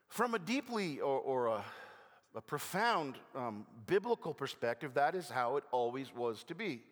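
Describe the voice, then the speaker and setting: An older man preaching a sermon as a pastor, conversational with gentle self-deprecating humor and halting restarts. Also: medium pitch, very animated. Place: church sanctuary. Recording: long hall reverb.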